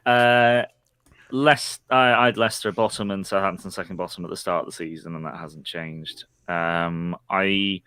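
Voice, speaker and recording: A man's voice: deep voice, fairly even intonation, sharp tone, clean tone, no room sound. Hesitant man on a podcast. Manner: hesitant, halting. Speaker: podcast panelist. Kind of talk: football podcast chat.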